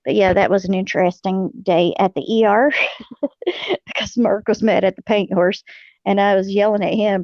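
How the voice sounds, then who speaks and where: A woman's voice: medium pitch, fairly even intonation, moderate pace, creaky, no echo. A middle-aged woman, hosting a casual chat and telling folksy stories with frequent laughs and fillers. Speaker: host. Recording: dull lo-fi sound.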